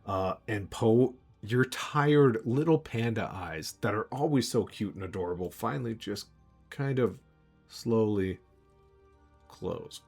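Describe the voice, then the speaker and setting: A man's voice: fairly low pitch, lively intonation, moderate pace, creaky, few pauses, darkish tone, slightly rough, soft background music. Playful man running a tabletop game. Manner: playful, laughs often. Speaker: game master.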